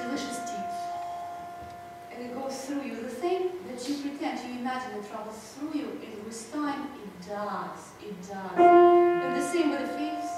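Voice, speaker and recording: Woman lecturing, echoey hall from afar. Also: high-pitched. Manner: animated, playful, draws listeners in with questions. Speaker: piano professor giving a workshop. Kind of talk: conference lecture with demonstrations. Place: large conference room. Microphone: distant room mic. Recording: echoey hall recorded from far off, noisy.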